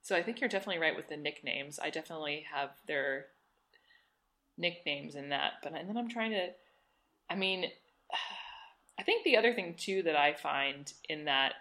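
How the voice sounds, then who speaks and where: A woman co-hosting a podcast, talking in a thoughtful, halting way with many restarts. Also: low voice, bright, forceful tone. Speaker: podcast co-host. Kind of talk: casual chat.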